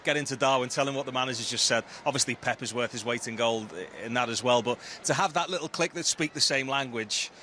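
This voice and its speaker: A man's voice: mid-range voice, quick pace, hardly any pauses, pushed and bright, slight background noise. A man presenting a live club broadcast from an outdoor training ground, chatty and easygoing. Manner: chatty, easygoing, plugs subscriptions.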